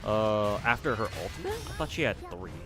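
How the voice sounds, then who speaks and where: A man with a somewhat low voice talks through a game stream in a loose, rambling way, answering chat bluntly and swearing without a second thought. Faint game music sits quietly underneath his voice. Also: huge pitch swings, a little fast. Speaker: livestreamer. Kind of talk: casual commentary while playing and reading chat.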